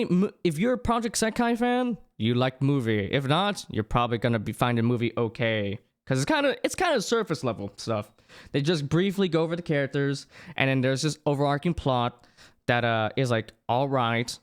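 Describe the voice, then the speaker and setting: A young adult livestreamer chatting casually with viewers, rambling and excitable, with many restarts. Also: mid-range voice, brisk, clean tone. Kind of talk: casual chat with stream viewers.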